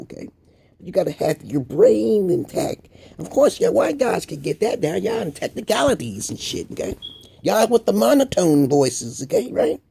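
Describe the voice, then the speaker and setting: A man in a profane, rambling video monologue, dropping to low mutters and then jumping to high exclamations. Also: creaky, warm tone, husky. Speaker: video blogger. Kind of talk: casual ranting monologue.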